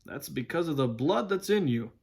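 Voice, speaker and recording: A man's voice: on the high side, expressive, creaky, a little mellow, husky, exaggerated voice. A man doing a proud talking war horse. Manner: lofty, brisk, scornful of humans. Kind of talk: storybook read-aloud.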